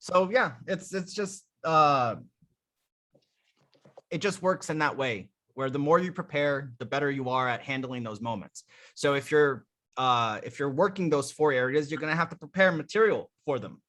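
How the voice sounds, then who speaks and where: A man running a live dating coaching session, talking bluntly with profanity and animated storytelling. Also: on the high side, moderate pace.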